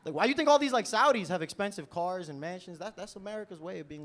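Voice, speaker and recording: Lively young New man doing stand-up. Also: high-pitched, fast talker. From New York. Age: 20s. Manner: lively, loose delivery, laughs at own jokes, frequent "you know?". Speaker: stand-up comedian. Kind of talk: stand-up set. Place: comedy club stage.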